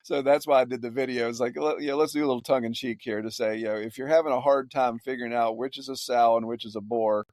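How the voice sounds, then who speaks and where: A man, a farmer guest on a podcast, telling stories in a halting way with many repeated words. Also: mid-range voice, steady tone, darkish tone, no room sound, studio quality. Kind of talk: casual podcast interview.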